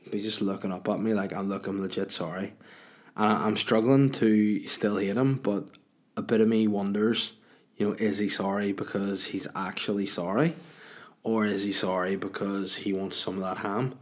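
A man's voice: lowish voice, a little mellow. A young man chatting casually on his solo podcast, telling crude, joking stories and swearing freely. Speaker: podcast host.

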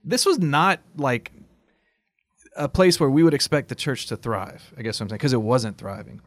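A man co-hosting a casual Catholic talk show, telling the story with animated emphasis and easy laughs. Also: medium pitch, moderate pace, no echo.

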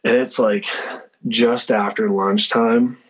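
A man's voice: fairly low pitch, fairly even intonation, takes it slowly, low-quality recording. A young man telling a story in casual chat. He says "like" constantly and swears freely.

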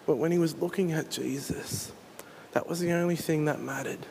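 A man's voice: fairly high pitch, moderate pace, vocal fry, darkish tone, a little hiss or hum. A male pastor, preaching a sermon and retelling a story with earnest storytelling. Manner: earnest storytelling, dramatizes scenes.

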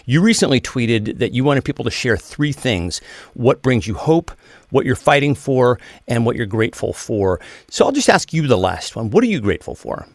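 A man's voice: mid-range voice, sing-song, fairly quick, hardly any pauses, no room sound, clean studio sound. A man hosting a podcast, friendly and casual, who calls his guest dude and man and often restarts his sentences. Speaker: podcast host. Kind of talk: podcast interview and sign-off.

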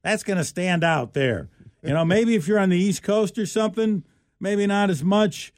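A male talk-radio co-host with a slightly higher voice tells a strange news story in a loose, joking way, stumbling and restarting as he goes. His voice is picked up close and dry, with no room sound. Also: normal speed, no room sound. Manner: rambling, restarts often, joking. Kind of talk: casual talk radio banter.

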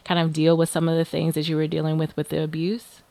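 A woman asking a question in an interview, gentle and careful, halting with fillers as she finds her words. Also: low-pitched, monotone, gravelly, dry recording.

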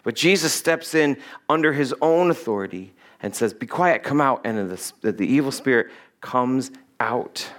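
A man's voice: medium pitch, measured pace, fairly bright tone. A man preaching a conversational sermon, reading scripture and acting out quoted lines in voices. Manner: casual, acts out quotes in voices. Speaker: pastor.

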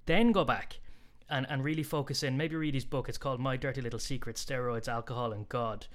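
A fast-talking man co-hosting a sports podcast, chatty and animated in a loose, conversational way. His voice sits at an ordinary middle pitch and he rattles through his points quickly. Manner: chatty, tells jokes with put-on voices. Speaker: podcast co-host. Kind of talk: casual sports chat.

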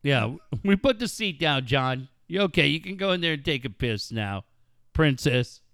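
A man with a bright, cutting voice runs a casual talk show, crude and mocking as he jokes. His voice sits a little high for a man. The sound is dry and close, with no room around it. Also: lively intonation, normal speed, clean tone, no echo. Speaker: co-host. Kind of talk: casual profane banter.

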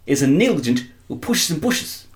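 A man's voice: sing-song, normal speed. A man doing a cocky Kiwi crime boss. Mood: boastful. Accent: put-on New Zealand. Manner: chirpy, cocky, swoops up high on boasts. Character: boastful male New Zealand crime boss, middle-aged, proud and cheerful. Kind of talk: improvised comedy character interview.

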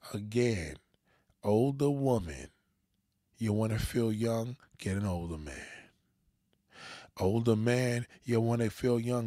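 Speaking in a fairly low voice, a middle-aged man rants preachily and crudely to viewers about dating, cursing nonstop with plenty of "goddamn" and slipping into impressions of others. The studio sound is clean with no room echo.

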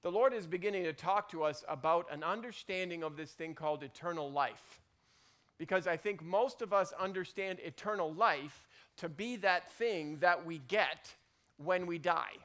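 A man pastor preaching a sermon in a conversational way, with many restarts and loud emphatic peaks. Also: sits high, normal speed.

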